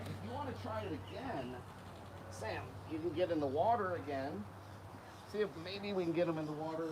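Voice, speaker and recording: Man, animal keeper vlog, lively up-and-down voice, slightly high, noisy outdoor recording. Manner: animated, calls animals in a coaxing voice. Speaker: alligator keeper and channel host. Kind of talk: casual vlog talk while feeding animals. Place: outdoors at alligator pens, windy.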